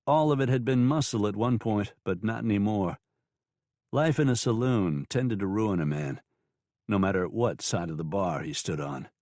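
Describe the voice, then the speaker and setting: A man narrating a western novel audiobook in a measured, even storytelling manner. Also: fairly low pitch, dry recording, clean studio sound.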